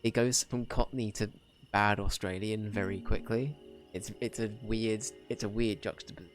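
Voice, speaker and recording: Low-voiced man joking at his own expense. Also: fairly even intonation, moderate pace, over music. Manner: self-mocking, chuckling asides. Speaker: game streamer. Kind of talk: casual stream commentary.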